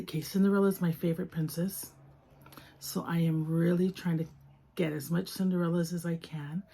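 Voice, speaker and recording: A woman chatting casually while unboxing toys, soft-spoken and gushing, often dropping to a whisper. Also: fairly low pitch, slight background noise. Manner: gushing over each toy. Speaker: toy collector vlogger.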